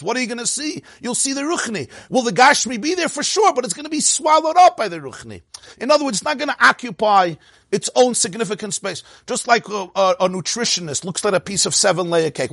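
High-voiced man teaching a lively Torah class. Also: dry recording, clean studio sound. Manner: animated, asks rhetorical questions and answers them; lively rise and fall, laughs often.

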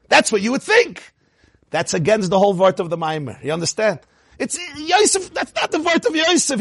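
A high-pitched man with a husky edge lectures as a Torah teacher, firing rhetorical questions and breaking into laughs. The sound is dry and close, with little room around it. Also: dry recording.

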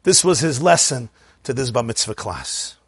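A man preaching, telling a story in an animated, conversational way with frequent asides. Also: mid-range voice, moderate pace, breathy edge, dry recording. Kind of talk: sermon storytelling.

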